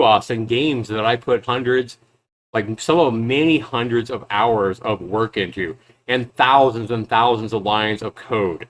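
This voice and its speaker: A YouTube game reviewer and developer with a lowish, slightly bright voice reacts to a rival's clips, talking back in a sarcastic, mocking way.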